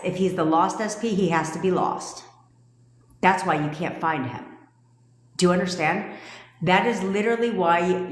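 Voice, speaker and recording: A woman's voice: fairly low pitch, roomy sound, long reverb tail. Blunt, profane woman coaching on a live stream. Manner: blunt, profane, quick to laugh; reads and answers viewer comments. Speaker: manifestation coach. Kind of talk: casual livestream chat.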